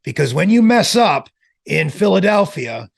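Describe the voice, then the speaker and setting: A man being interviewed as a former pro wrestler, telling stories in a lively way, acting out quotes and laughing as he goes. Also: sits high, measured pace, gravelly. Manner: animated storyteller who acts out quotes and laughs. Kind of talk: casual storytelling interview.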